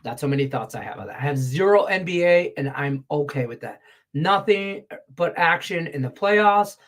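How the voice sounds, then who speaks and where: A man's voice: a little high, lively intonation, moderate pace. Blunt, profane middle-aged man. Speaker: sports betting handicapper. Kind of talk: casual betting-picks show talk.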